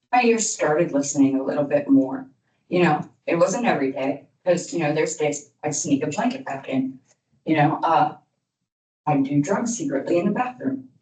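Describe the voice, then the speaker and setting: A woman's voice: low voice, darkish tone. A woman in her thirties giving a candid, rambling motivational talk to young people as an alumni speaker, full of "you know" asides. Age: 30s. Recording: echoey room from far off, faint noise.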